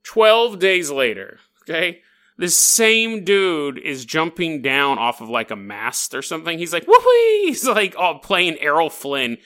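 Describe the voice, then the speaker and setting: A man's voice: a little high, unhurried. A man hosting a podcast, telling a spooky history story in a casual, joking way and acting out the people in it. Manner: animated, jokey, acts out characters. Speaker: podcast host.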